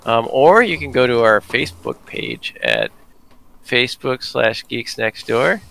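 A man's voice: medium pitch, wildly swooping pitch, unhurried, vocal fry, a bit bright, rough recording. A man co-hosting a casual podcast, rambling and laughing at his own jokes. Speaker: podcast co-host.

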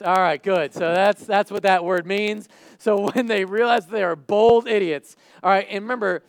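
A man preaching a sermon, who acts out the people in the story and swings from loud and excited to hushed and earnest. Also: high-pitched, normal speed, clear, resonant tone. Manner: talks to a live congregation, asks them questions. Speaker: pastor.

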